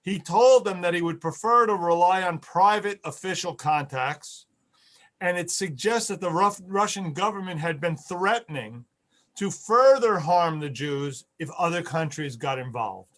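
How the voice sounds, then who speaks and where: A man's voice: sits high, measured pace, a bit bright. A man giving an online history lecture over a video call, earnest, repeating key words for emphasis.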